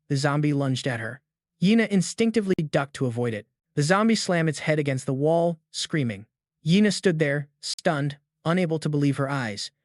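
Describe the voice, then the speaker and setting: Man, comic recap narrator, slightly high voice, dry close mic. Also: no echo.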